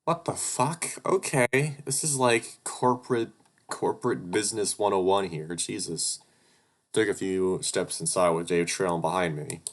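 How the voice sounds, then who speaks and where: A man with a very low voice reads a visual novel aloud, breaking into flustered, swearing commentary. His reading is casual and excitable. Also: a little slow. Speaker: let's play narrator.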